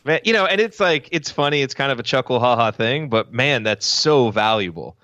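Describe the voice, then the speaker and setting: A man's voice: mid-range voice, lively intonation, a little fast, pushed and bright, no echo. A man serving as a podcast guest host, chatting casually and chiming in with agreement and chuckles. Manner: agreeable, backchannels often, chuckles. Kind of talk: casual chat.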